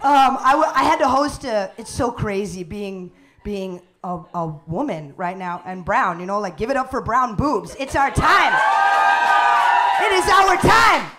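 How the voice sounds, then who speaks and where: High-voiced woman hosting a comedy show. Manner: loud, playful crowd work with laughs. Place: live comedy show in a packed venue. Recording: live room with loud crowd.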